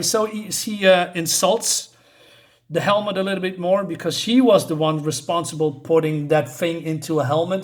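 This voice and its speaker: A man talks through a comic issue in a loose, unscripted way, reading lines aloud and then tearing into them bluntly, with plenty of swearing. His voice sits a little high for a man. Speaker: comic book reviewer. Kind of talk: casual spoken review.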